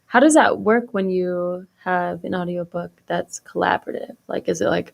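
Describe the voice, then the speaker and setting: A woman interviewing a guest in casual chat, relaxed, with short affirming replies. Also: on the low side, moderate pace, gravelly, few pauses.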